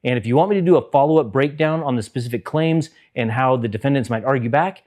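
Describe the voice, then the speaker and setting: A middle-aged man speaking straight to his viewers in earnest, deliberate commentary, weighing his words with care. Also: mid-range voice, a little mellow. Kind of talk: direct-to-camera commentary.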